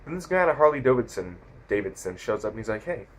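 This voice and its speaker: A sixteen-year-old boy talks quickly in a voice on the low side, casually telling stories to his camera. His animated retelling rambles and doubles back on itself with corrections, recorded roughly.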